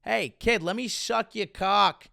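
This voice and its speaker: A man's voice: sits high, slow, vocal fry, sharp tone, no room sound, clean studio sound, voice pushed up, heavily acted. A man voicing a crude, brash woman with a mock Boston accent, lewd and rowdy. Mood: crude, coaxing.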